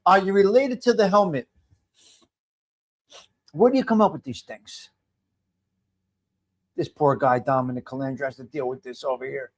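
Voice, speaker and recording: A man's voice: on the high side, animated, a little slow, pauses often. A man in his fifties hosting a casual live stream, greeting viewers by name and rambling as he restarts his sentences. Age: 50s. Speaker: livestream host. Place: home.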